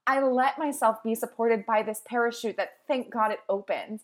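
A woman's voice: a little high, moderate pace. A woman hosting a podcast, speaking in an emphatic, emotional motivational monologue with repeated phrases. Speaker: podcast host.

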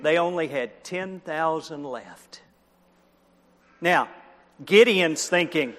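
Guy preaching to kids in a church hall, high bright voice, lots of reverb. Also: slow pace, long pauses. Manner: animated, asks the listeners questions, acts out the characters. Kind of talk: children's sermon storytelling.

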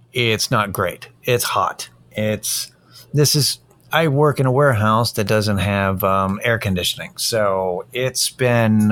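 Tired, rambling low-voiced man. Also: fairly bright tone. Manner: rambling, tired, self-deprecating. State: drained and worn out. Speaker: podcast host. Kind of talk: casual solo podcast chat.

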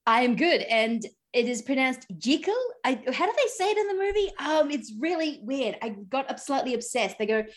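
A woman's voice: high voice, lively intonation, fairly quick, hardly any pauses. Rambling, laughing woman podcast guest. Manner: rambling, laughs often, many ums. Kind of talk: casual podcast chat.

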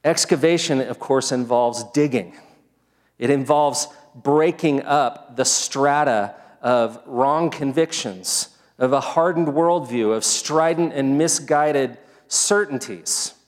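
A man preaching a sermon, opening with a prayer, talking in a measured, earnest way that builds each point in short phrases. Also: medium pitch. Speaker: pastor. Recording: long reverb of a large hall.

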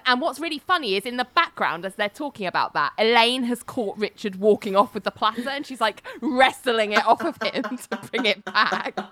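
A woman's voice: a little high, animated, fairly quick, hardly any pauses, sharp tone. A woman, casually retelling a TV episode as a podcast host, acting out the characters' lines with laughs. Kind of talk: casual chat.

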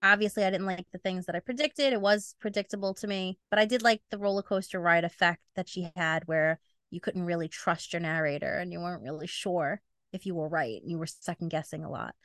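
A woman's voice: lowish voice, a bit bright, dry recording. Playful young woman, dry close sound. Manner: joking, playful, quick to laugh. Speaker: book podcast co-host. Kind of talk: casual chat.

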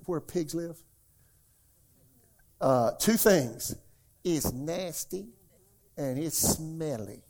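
Preaching in church before a live congregation, a male pastor with a slightly high, gravelly voice shifts between loud, emphatic outbursts and hushed asides that drop nearly to a whisper.

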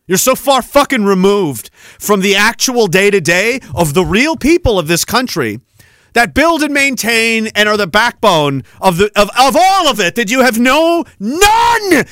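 A podcast host in a heated, sarcastic, profanity-laden rant. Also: male voice, high-pitched, very animated, moderate pace, sharp tone, no room sound, studio quality. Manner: heated, sarcastic, swears often.

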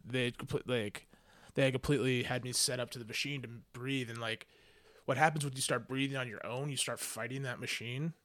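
A man's voice: mid-range voice, fairly even intonation, fairly quick, fairly bright tone, no room sound. A young man hosting a podcast, telling a long story casually, with lots of fillers and frequent swearing. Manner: rambling storyteller, swears often, many fillers. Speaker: podcast host. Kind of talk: casual chat.

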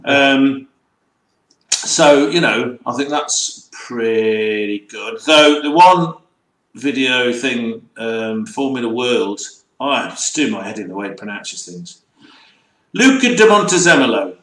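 Animated ranting man in echoey room. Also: medium pitch, takes it slowly. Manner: ranting, mocking pronunciations. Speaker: co-host. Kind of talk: casual chat.

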